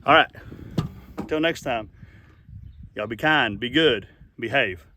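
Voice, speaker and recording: Against a noisy background, a middle-aged man with a medium-pitched, slightly slow voice hosts his channel's casual nature vlog by a pond. He's folksy and chatty, rambling on with fillers.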